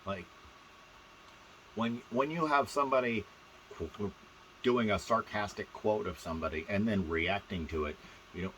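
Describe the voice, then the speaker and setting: A man's voice: very animated, moderate pace, pauses often, fairly bright tone, slight background noise, rough recording. A man in a casual vlog talking about his own voice, rambling with restarts and showing off how he shifts it. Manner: demonstrates voices, shifting pitch and placement; rambling, with restarts and filler words.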